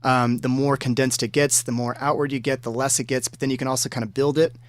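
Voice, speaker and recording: A man who plays music chats as a podcast guest, explaining ideas at length and getting enthusiastic as he rambles. His voice sits at a middle pitch. The recording is dry and close. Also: flat delivery, quick pace, dry recording. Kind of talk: casual interview chat.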